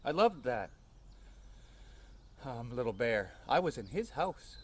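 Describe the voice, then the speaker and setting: A man telling a personal story in a calm, unhurried way, often ending lines with a tag question. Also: medium pitch, breathy edge.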